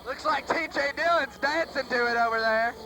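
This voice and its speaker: A man calling a local wrestling match play-by-play with excited, hype-driven energy. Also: very high voice, moderate pace, gravelly, soft background music, poor audio. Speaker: play-by-play commentator. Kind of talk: wrestling commentary. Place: armory arena.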